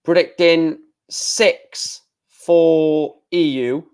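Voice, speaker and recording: A man's voice: a little high, steady tone, very slow, a little mellow, clean tone. A man hosting a casual live stream, reading out darts results and answering chat while thinking aloud with plenty of fillers.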